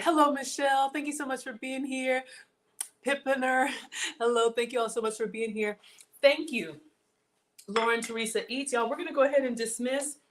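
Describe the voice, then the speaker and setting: A woman hosting a casual cooking livestream, chatting with viewers about her food and reading their comments. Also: on the high side. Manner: chatty, reads viewer comments, says y'all.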